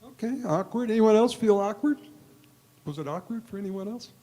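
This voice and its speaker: Relaxed man guiding a group exercise. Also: high voice, dry recording. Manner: relaxed, chuckling, slow and deliberate when giving phrases. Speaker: spiritual speaker leading a group exercise. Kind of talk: live guided group exercise. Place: gathering hall with a live audience.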